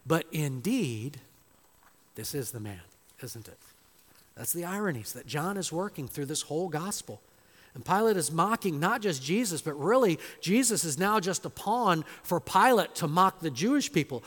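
A man's voice: a little high, animated, moderate pace, a bit bright. A male pastor preaching a sermon, dramatic and emphatic, firing off rhetorical questions. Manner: dramatic, rhetorical questions, acts out quoted voices. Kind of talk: expository sermon. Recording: long reverb of a large hall.

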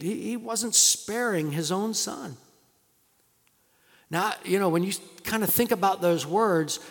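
Man preaching, slow delivery, dramatic pauses, long hall reverb. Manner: swings from loud emphatic questions to hushed low-voiced lines. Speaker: pastor. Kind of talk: sermon.

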